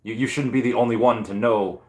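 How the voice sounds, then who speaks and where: A hoarse man chatting casually on a live stream, rambling through stories with lots of fillers. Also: mid-range voice, fairly even intonation, fairly quick, reverberant. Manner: rambling, filler-heavy storytelling. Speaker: comic and collectibles YouTuber.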